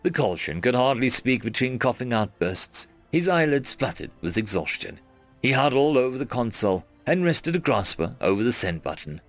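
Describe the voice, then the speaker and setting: A man reading a first-person science fiction story aloud in an earnest, expressive storytelling manner. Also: medium pitch, normal speed, soft background music. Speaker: narrator. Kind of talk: first-person audiobook narration.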